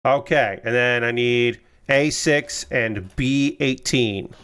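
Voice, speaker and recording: A man's voice: mid-range voice, slow pace, a bit bright, clear, resonant tone. A young man chatting casually on a stream, rambling and exasperated, swearing freely and firing off repeated questions. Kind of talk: casual chat while building a model kit.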